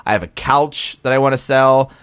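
A man's voice: medium pitch, normal speed, a bit bright, clear, resonant tone, no room sound. Rambling young man. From Philadelphia area. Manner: rambling, self-interrupting, easygoing. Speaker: podcast co-host. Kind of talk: casual chat.

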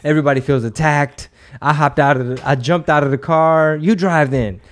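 A man's voice: fairly high pitch, a little fast. A man in his thirties telling a story in casual podcast chat, swearing freely and acting out what people said. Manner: profane, animated, acts out quotes. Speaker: podcast host.

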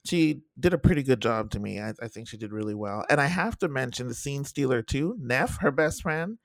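A young man chatting casually on a podcast, lively and quick to act out what people said. His voice has a gravelly fry, recorded dry and close with no room around it. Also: no room sound. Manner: animated, acts out quotes in high voices. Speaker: podcast co-host. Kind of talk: casual chat reviewing a TV series.

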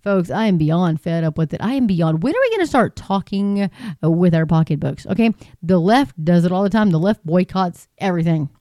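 Woman podcast host, casual and rambling, smooth mellow voice, dry close recording. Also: fairly low pitch, animated, fairly quick, dry recording. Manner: rambling, chatty, frequent restarts and asides, laughs often. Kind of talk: casual solo podcast commentary. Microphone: podcasting microphone.

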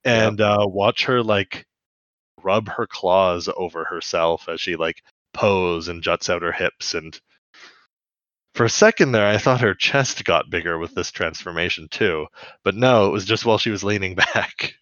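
A man's voice: low voice, unhurried, fairly bright tone, dry recording, highs cut off. A man co-hosting a podcast, casually recapping a cartoon episode in a rambling way with lots of fillers and laughs. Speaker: podcast co-host.

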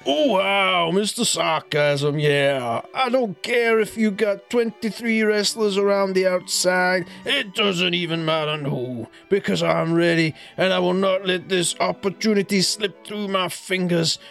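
Brief: man doing a boastful wrestler impression, high and gravelly, with a drawled "yeah". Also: measured pace, few pauses, fairly bright tone, faint music behind, exaggerated voice. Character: brash adult male wrestling champion, boastful. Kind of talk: comic impression reading a promo.

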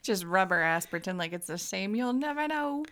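A woman's voice: medium pitch, expressive, normal speed, fairly bright tone. A woman hosting a casual chat who throws in crude, teasing quips. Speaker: podcast host and editor.

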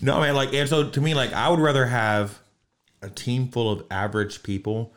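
A man speaking as a podcast guest, earnest as he tells stories from work and quick to add a joke. His pitch sits in a normal middle range. The talk is loose and conversational. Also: fairly even intonation, fairly bright tone. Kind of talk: casual chat.

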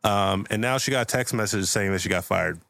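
A man's voice: lowish voice, fairly quick, creaky, a bit bright, dry recording. A man hosting a comedy podcast, improvising a story in a rambling way full of fillers. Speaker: podcast host.

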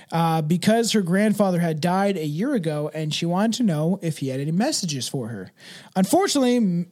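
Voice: medium pitch, darkish tone. Giggly podcast co-host reading a ghost story. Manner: laughs often, stumbles over words while reading. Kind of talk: casual chat and reading a ghost story aloud.

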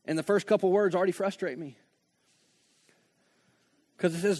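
A man with a high voice delivers a sermon. He talks with passion, dropping to a hush and then building to loud, rising appeals. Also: fast talker, long pauses. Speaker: pastor.

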